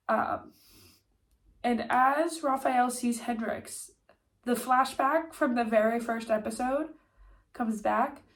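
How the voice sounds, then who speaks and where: A woman with a stuffy nose casually recapping a TV series, chatty and full of "like" and "um". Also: a little high. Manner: chatty, lots of "like" and "um" fillers. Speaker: TV recap vlogger.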